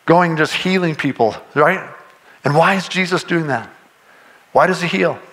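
A man's voice: a little high, measured pace, a bit bright, rough recording. A man preaching a sermon, earnest and conversational, often restarting his sentences and pushing toward emphatic points. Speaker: pastor.

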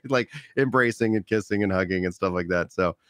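A podcast co-host and stand-up comedian from the United States, with a light Texan accent, chats casually, joking loosely and laughing often. His voice is lowish and a bit bright at normal speed, in a dry, studio-quality recording.

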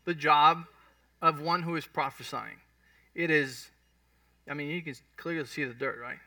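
A man preaches in an easy, conversational way and keeps checking in with his listeners. His voice is high and very bright. The sound is dry and picked up from a distance. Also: measured pace, long pauses, dry recording. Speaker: pastor. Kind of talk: sermon teaching.

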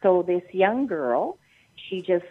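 An older woman from Canada vents a long, indignant complaint, nearly in tears. Her voice sits a little low and comes through a thin, tinny phone line. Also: sing-song, slow pace. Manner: long-winded, indignant, circling back and repeating herself. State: upset, near tears. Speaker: prank call target.

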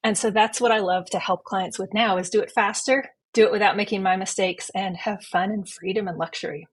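A woman in her thirties, a business coach, talks as a podcast guest in a fluent, upbeat way. Her voice is a little husky and sits at a middle pitch. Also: fairly even intonation, brisk. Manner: upbeat, fluent self-introduction with a few fillers. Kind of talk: podcast interview.

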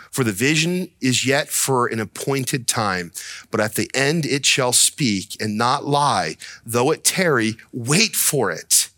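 Emphatic preaching man, bright dry voice. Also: mid-range voice, no room sound. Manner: emphatic preaching, rising to near-shouts when voicing the prophet. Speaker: pastor. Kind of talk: sermon.

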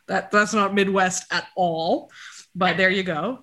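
A woman with a bright, clear voice chatting loosely and jokily. Her talk is scattered, and she breaks off to tease her dog. Her pitch sits in an ordinary middle range. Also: fairly even intonation, unhurried. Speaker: dog owner reading DNA results. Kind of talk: casual chat.

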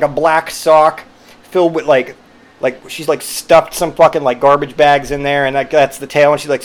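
A man telling a rambling personal story, swearing freely and amused, with lots of fillers and restarts. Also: on the high side. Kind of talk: casual storytelling monologue.

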